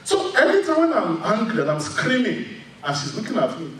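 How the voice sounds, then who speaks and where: A middle-aged man preaching from the pulpit, his voice sitting a little high and swinging widely up and down as he drives each point home. He is emphatic and candid, owning up to his own flaws. The sound bounces around a very echoey church hall, picked up from some distance. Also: wildly swooping pitch, fairly quick. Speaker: pastor. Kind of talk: sermon. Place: church sanctuary.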